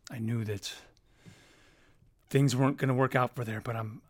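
A man voicing a stout, gray-bearded old father in a tabletop game, speaking low and quiet. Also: fairly even intonation, normal speed, natural voice. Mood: somber.

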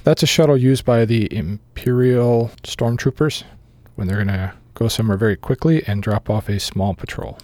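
A man running a tabletop game as game master, narrating scenes in a measured way with filler pauses. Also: mid-range voice, a little mellow, dry recording.

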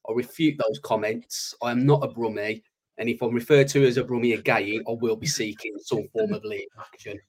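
A man from the Black Country co-hosting a podcast, speaking in a deadpan, mock-formal way. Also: medium pitch, a little fast, hardly any pauses, husky, poor audio. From Black Country, England. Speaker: podcast co-host.

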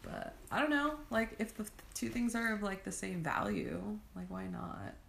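A woman's voice: mid-range voice, wildly swooping pitch, moderate pace, vocal fry, fairly bright tone. A young woman co-hosting a podcast in casual chat, giggling, swearing and bantering. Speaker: podcast co-host. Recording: echoey room, faint background noise.

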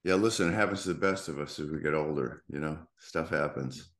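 A man from Boston with a softened Boston accent, hosting a casual interview and chatting loosely with lots of fillers. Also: extremely low pitch, fairly quick. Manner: chatty, filler-heavy, rambling. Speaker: podcast host. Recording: echoey room.

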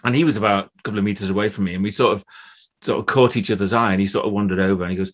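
Fifties man, English actor guest, low voice, chatty and laughing storyteller. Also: fairly even intonation, rapid-fire. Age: 50s. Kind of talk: casual podcast chat.

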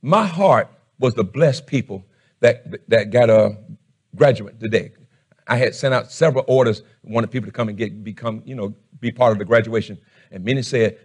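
A middle-aged pastor delivers a fervent sermon, shouting one moment and dropping low the next. He speaks at a moderate pace with a breathy edge.

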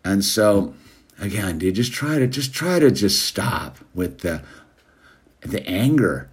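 A man's voice: fairly low pitch, animated, takes it slowly, slightly rough. A man hosting a show, rambling casually in a laid-back way and calling listeners "dude.". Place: California.

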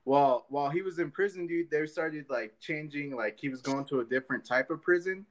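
A man's voice: on the high side, fairly quick. A man hosting a podcast in casual chat, rambling loosely with many fillers and swearing. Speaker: podcast host.

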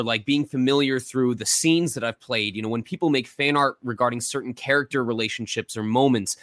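An earnest man speaks on a panel, effusive and enthusiastic. His pitch sits in the middle and the sound is dry. He talks openly and gratefully. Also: fairly bright tone, no room sound. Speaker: voice actor on a panel. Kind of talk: casual panel talk.

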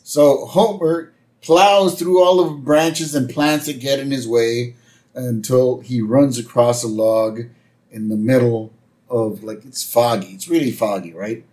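A man co-hosting a podcast, casually recapping a cartoon episode with quick impressions. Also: medium pitch. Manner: animated retelling with quick impressions. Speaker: podcast co-host.

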